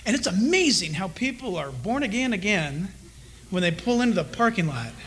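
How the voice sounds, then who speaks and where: Brief: man preaching a Bible teaching, lively and questioning, high bright voice. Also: moderate pace. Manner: animated, asks the congregation questions, acts out quoted voices. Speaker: pastor. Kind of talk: expository sermon.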